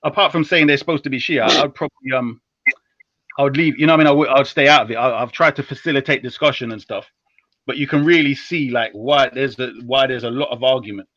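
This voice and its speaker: A young man hosting a live stream, talking in slangy, teasing, heated casual banter that jumps between loud and low. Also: fast talker, no echo. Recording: dull lo-fi stream audio.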